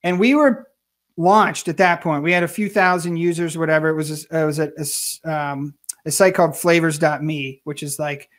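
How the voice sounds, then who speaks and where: A man being interviewed, telling career stories in a casual, animated way and acting out what others said. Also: fairly high pitch. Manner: animated storyteller, acts out quoted voices. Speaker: guest.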